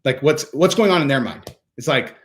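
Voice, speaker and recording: A man's voice: mid-range voice, expressive, moderate pace, a bit bright. A man hosting a casual livestream, talking in a rambling way full of fillers, restarts and "like". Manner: rambling, filler-heavy talk with frequent "like" and restarts. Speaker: livestream host.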